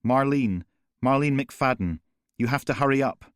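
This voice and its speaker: A man's voice: fairly low pitch, normal speed, darkish tone, no echo, clean studio sound, natural voice. A man voicing a frantic young woman on an emergency call, pleading and breathless.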